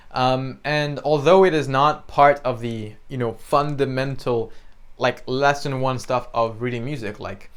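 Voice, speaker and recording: Chatty male piano teacher, smooth voice. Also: mid-range voice. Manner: chatty, explains with many "right?" and "you know", sings examples. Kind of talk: casual spoken lesson.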